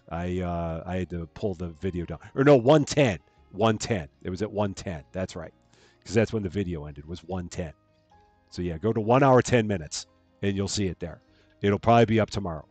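A man's voice: sits low, normal speed, darkish tone, dry recording, soft background music. A man casually chatting with viewers while he plays a farming game on a live stream, greeting people and laughing at his own jokes.

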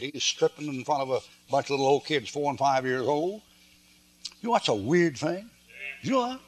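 A preacher man, older, telling folksy stories in a sermon, shifting between loud bursts and quiet asides. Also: mid-range voice.

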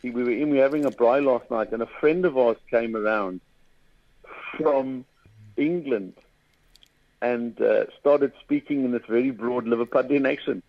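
A South African man, a comedian guest, chatting in a lively storytelling way in a radio studio. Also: medium pitch, no echo. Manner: lively storyteller with quick bursts of mimicry. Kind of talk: casual interview chat. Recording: dull radio studio sound.

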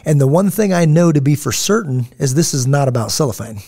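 A middle-aged podcast host tells stories in a loose, wandering way, acting out the people he quotes. His voice sits on the high side, brisk and expressive, with a dark tone.

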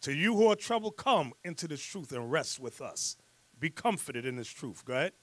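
Fiery high-voiced preacher man. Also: very animated, moderate pace, dry recording. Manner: fiery, shouts and laughs, preachy. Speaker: bishop leading a scripture class. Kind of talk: sermon with rant and teaching.

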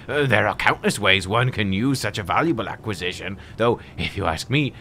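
A man's voice: mid-range voice, sharp tone, a little hiss or hum. A man reading the lines of a fat, greedy, fawning male demon slave merchant in a game, in a wheedling salesman manner. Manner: wheedling, smooth salesman talk.

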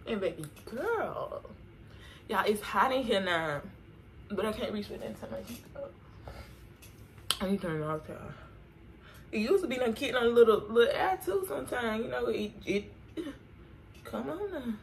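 A woman's voice: a little high, expressive, normal speed, vocal fry, pauses often, slight background noise. A woman vlogger chatting playfully with viewers while getting ready, full of slangy asides. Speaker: beauty vlogger. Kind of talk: casual get-ready-with-me chat. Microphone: camera mic while doing makeup.

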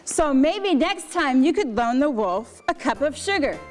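A woman reading a picture book aloud at a library, in an expressive, playful way. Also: sits high, measured pace, big-room sound, faint music behind. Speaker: library storyteller.

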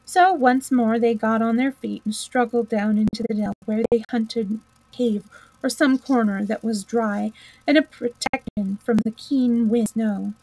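A woman reading a classic children's book aloud in a steady, measured way. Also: on the high side, low-quality recording. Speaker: storyteller.

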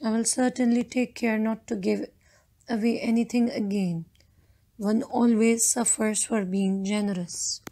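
A woman's voice: a little high, steady tone, a little slow, dark tone, poor audio. A woman reads the lines of a selfish miller in a storybook tale. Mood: wheedling. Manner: wheedling, self-serving. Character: selfish grown man, a miller.

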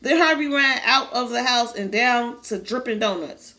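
Lively woman reading a kids book out loud, high bright voice, swears in her side comments. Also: moderate pace. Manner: animated, profane side commentary. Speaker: reader of a children's book. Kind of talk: reading aloud with casual asides.

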